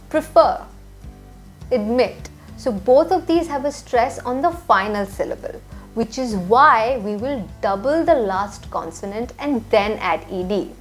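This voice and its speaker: A woman with a slightly high voice teaches English grammar in a scripted lesson. She slows down to spell out letters and examples with patient clarity. A faint music bed plays beneath her voice. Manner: slow, careful spelling out of examples. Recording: soft music behind the voice.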